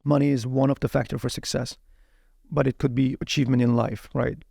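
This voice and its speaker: A man speaks in a casual interview, his voice gravelly and mid-pitched. He talks animatedly and often repeats a word before pushing on. The sound is dry and close. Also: a little fast, dry recording. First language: Uyghur. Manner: animated, repeats words while searching for them. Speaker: interview guest.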